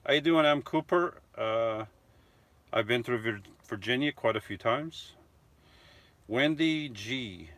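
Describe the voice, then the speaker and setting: A man's voice: medium pitch, lively intonation, slow pace, a bit bright. A middle-aged man chatting casually on a live stream, reading out viewer comments and rambling with fillers and little self-mocking chuckles. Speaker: vlogger hosting a live stream.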